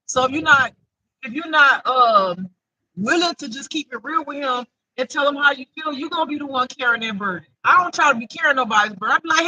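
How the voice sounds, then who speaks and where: A woman gives an off-the-cuff intuitive spiritual reading, leaning on emphasis and bursting into loud, laughing exclamations. Her tone is very bright and sharp. The recording is dry and close, with almost no room sound. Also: high voice, animated, fairly quick, no room sound, rough recording. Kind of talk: casual spiritual reading to camera.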